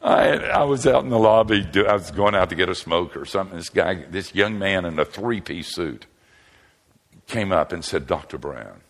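An older man, a pastor and seminary teacher, telling humorous stories in a lively, self-mocking way and chuckling often. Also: deep voice, moderate pace. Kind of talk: humorous storytelling talk.

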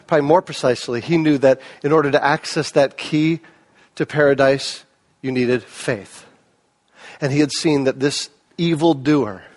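A man preaching a sermon as a pastor, animated, with hushed low moments and raised emphatic peaks.

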